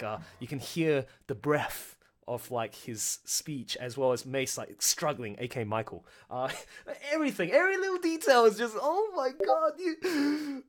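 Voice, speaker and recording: Excitable rambling man hosting a stream. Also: mid-range voice. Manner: excitable, rambling, laughs often. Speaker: host, director and producer. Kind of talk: casual live stream chat.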